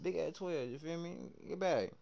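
A young man with a fairly high, creaky voice and a moderate pace comments live on his basketball video game stream. He chats with viewers, trash-talks his opponents in an animated way, and reacts loudly to each play.

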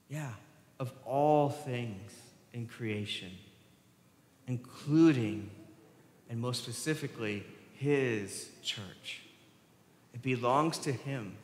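A man's voice: mid-range voice, slow, long pauses. A male pastor preaching a sermon, asking the congregation questions and answering them. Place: church sanctuary. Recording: roomy church hall with long reverb.

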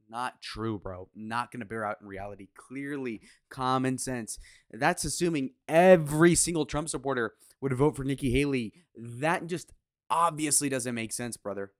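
A man's voice: mid-range voice, normal speed, no room sound. Male reaction host: heated rants, sarcastic, crude, dry close mic. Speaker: reaction commentator. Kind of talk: reacting to podcast clips.

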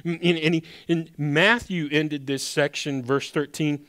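A man's voice: a little high, fairly even intonation, a little slow, a bit bright. A man preaching a sermon as pastor. He speaks in a conversational, emphatic way and often restarts his sentences.

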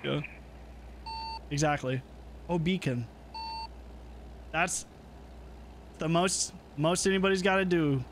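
Man, casual gameplay streamer, relaxed, swears offhand, faint background noise. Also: a little high, slow, pauses often. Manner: laid-back, swears casually, thinks aloud.

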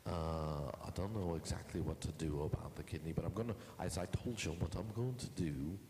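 A man's voice: sits low, fairly quick, dark tone, slight background noise. A man hosting a show, talking casually and rambling with hesitant restarts. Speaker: show host. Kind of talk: casual monologue to listeners. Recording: roomy with long reverb, faint synth music behind.

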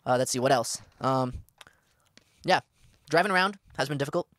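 A man's voice: medium pitch, moderate pace, fairly bright tone, no echo. A man hosting a casual solo podcast from inside a parked car, rambling along with plenty of fillers and restarts. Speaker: podcast host.

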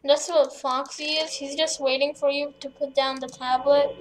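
A woman's voice: high voice, little pitch movement, normal speed, low-quality recording. A woman commenting on her own horror game playthrough, jumpy and rambling, cracking silly jokes and yelping now and then. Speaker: gamer playing a horror game. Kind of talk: let's play commentary.

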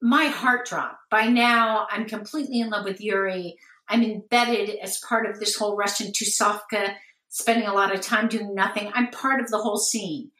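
A woman being interviewed, telling a lively story and acting out the voices of people she quotes. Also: medium pitch, moderate pace. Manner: animated, acts out quoted voices. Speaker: guest. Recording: roomy and distant from the mic.

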